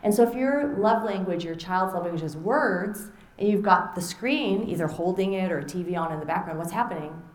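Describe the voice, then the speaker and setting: A middle-aged woman author giving a conversational talk to an audience, animated and acting out little quoted exchanges. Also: on the low side, a little fast, hardly any pauses. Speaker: author and speaker. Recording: roomy echo.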